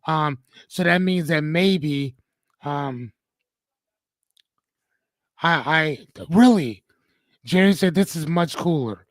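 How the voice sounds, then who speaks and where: A man hosts a live coaching stream. He reads viewer comments and riffs on them in an animated, slangy, joking way. His voice sits a little high, and the sound is dry and close to the mic. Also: takes it slowly, pauses often, no room sound. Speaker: host and coach.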